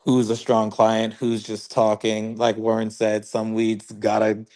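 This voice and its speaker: A man's voice: lowish voice, monotone, measured pace, darkish tone. A man, a real estate agent, talking casually in a team meeting with many filler likes.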